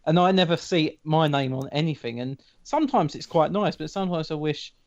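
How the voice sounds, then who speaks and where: A man's voice: fairly high pitch, expressive, brisk. Brief: new male podcast co-host, wry, light voice, muffled recording. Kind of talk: casual chat.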